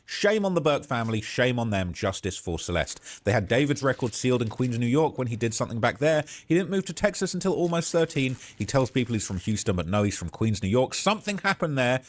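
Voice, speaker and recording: A man's voice: mid-range voice, big pitch swings, fast talker, few pauses, slight background noise. A man hosting a live stream, giving commentary in an indignant, sarcastic rant.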